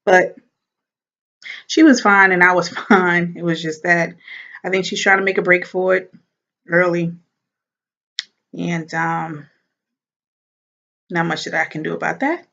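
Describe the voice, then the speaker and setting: A woman chatting casually to camera as a vlogger, animated and laughing as she talks. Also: lowish voice, measured pace, creaky, pauses often, highs cut off.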